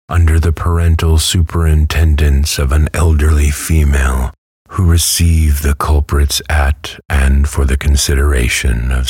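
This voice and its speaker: A man narrating a classic novel as a bedtime story in a calm, soothing way. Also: extremely low pitch, breathy edge, dry recording, studio quality. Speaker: audiobook narrator.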